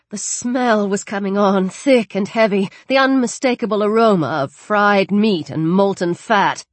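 A woman reading a horror story aloud in a measured, dramatic narrating style. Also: mid-range voice, lively intonation, dry recording. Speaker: audiobook narrator.

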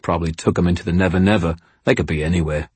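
A coarse hireling, gruff and irritable, growling his words, as a male narrator voices him. The voice is low and husky with a dry, close sound. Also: steady tone, rapid-fire, darkish tone, dry recording. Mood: gruff, cunning. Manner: annoyed, growling, swears constantly. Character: coarse, gruff British hired mercenary man.

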